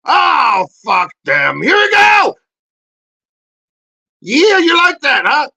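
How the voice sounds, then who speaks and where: A man voicing a crude, brash male dog who rants and shouts in a comedy podcast bit. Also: extremely high pitch, huge pitch swings, very slow, vocal fry, voice pushed up, heavily acted.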